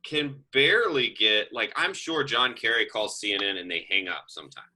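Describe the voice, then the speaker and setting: Male comedy co-host, wry riffing storyteller; very bright, animated voice. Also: fairly low pitch, normal speed, rough recording. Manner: wry storytelling riffs with lively asides. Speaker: podcast co-host. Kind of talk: casual comedy chat.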